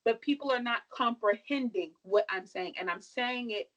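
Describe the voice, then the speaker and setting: A young woman with a fairly high voice talks with force and conviction, pressing each point home. Her delivery is emphatic and a little sassy, like a guest on a podcast making her case. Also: normal speed, low-quality recording. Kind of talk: impassioned podcast discussion.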